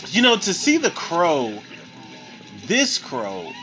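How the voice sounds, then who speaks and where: A man from Philadelphia hosting a tipsy movie commentary, talking in an excitable, profane way with laughing asides. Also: high-pitched, slow, soft background music. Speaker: podcast host.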